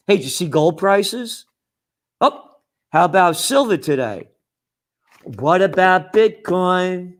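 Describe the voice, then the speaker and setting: New guy ranting, sarcastic and mocking, kinda high voice, takes his time. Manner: combative, sarcastic, mocking asides. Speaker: trends forecaster and publisher. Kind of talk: ranting promo monologue.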